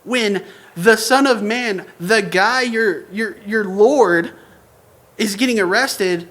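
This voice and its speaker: A young adult preacher delivering a relaxed, informal sermon. The delivery is full of slang and joking asides, and the pitch sits in a middle range. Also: slow. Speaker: church preacher. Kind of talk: casual sermon.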